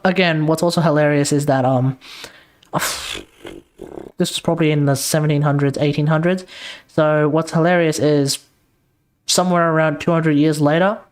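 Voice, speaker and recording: A man's voice: on the high side, animated, moderate pace. An Australian man chatting casually as a streamer, laid-back and explaining things while swearing freely. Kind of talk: casual chat while reacting to a video.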